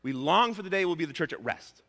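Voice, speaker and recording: A male pastor preaching a sermon, emphatic and repeating his key points, slowing down to stress words. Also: a little high, lively intonation, fairly bright tone. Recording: long hall reverb.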